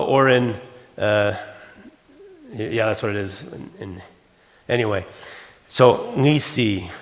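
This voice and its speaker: A man at a conference podium working through his word data, reading each form and gloss. His voice sits in the middle range, and a long reverb trails after it in the hall. He hurries with filler sounds and false starts. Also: medium pitch. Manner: rapid, fills with uh, restarts words, reads word lists aloud. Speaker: conference speaker. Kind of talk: academic conference lecture.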